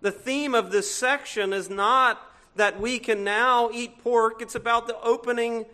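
A pastor with a fairly high voice for a man and an accent that blends Cajun with northern speech. He preaches conversationally in a church, tossing rhetorical questions at the congregation and swinging between loud and hushed. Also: steady tone, a little slow. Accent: Cajun mixed with northern US. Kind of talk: sermon.

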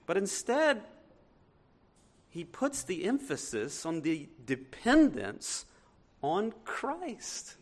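A male pastor delivers a sermon in a high, expressive voice, leaning into scripture quotes and throwing rhetorical questions at his listeners. He takes his time, speaking slowly and deliberately between bursts of emphasis. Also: husky.

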